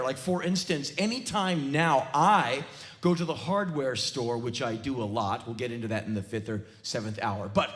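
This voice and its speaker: A man in his forties from the United States, performing a live spoken word comedy rant on a theater stage with intense, shouting bursts. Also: a little high. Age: 40s.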